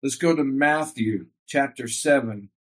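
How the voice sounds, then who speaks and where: A man's voice: medium pitch, unhurried, a bit bright. A man preaching a sermon with fervor and emphatic repetition, calling his congregation by a Hebrew word. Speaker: pastor.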